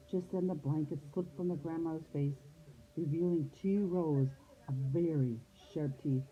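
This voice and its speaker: A woman's voice: sits low, measured pace. A woman teacher reading a storybook aloud to young children, telling it expressively. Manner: expressive storytelling, shifts into character voices. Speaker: preschool teacher. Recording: phone-like lo-fi sound.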